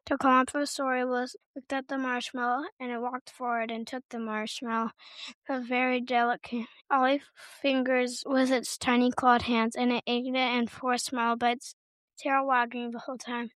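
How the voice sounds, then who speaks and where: A woman narrating a children's storybook in a steady, unhurried reading voice with small stumbles. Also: sits high, dry recording.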